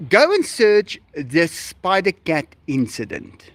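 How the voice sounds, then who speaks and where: There's no room sound as a male livestream host, South African and Afrikaans-speaking by birth, chats animatedly with viewers near an animal enclosure. His voice is high-pitched and swings widely in pitch, and he talks at a slow pace in this casual stream.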